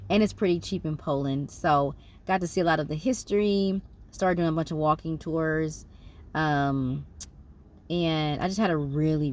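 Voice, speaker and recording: A woman's voice: sits low, fairly even intonation, unhurried. A woman chats loosely about her trips, wandering off and correcting herself as she goes. A faint hum of room ambience sits behind her. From United States. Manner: rambling, conversational, many fillers and self-corrections. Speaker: travel vlogger. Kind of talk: casual travel recap.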